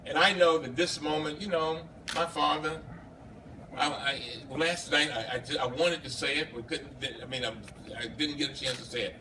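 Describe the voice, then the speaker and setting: A man, a congressman, giving an impassioned speech at a bar reception, halting and repeating himself, recorded from a distance. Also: fairly high pitch, fairly even intonation. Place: bar reception room, indoors. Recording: distant camera with faint background noise.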